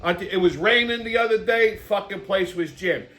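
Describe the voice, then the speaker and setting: A man's voice: high voice, normal speed, sharp tone. A middle-aged man, hosting a show and telling a rambling, blunt story full of swearing and fillers. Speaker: show host. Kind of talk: casual rambling monologue.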